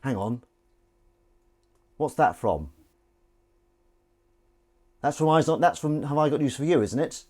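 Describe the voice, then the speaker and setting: The speaker is a livestream host from England with a Southern English accent, chatting casually as he does the dishes at the kitchen sink. He rambles, cracks jokes and reads out chat in a rather high, darkish voice with lively intonation, a slightly slow pace and long pauses. Running water and clinking dishes fill the background.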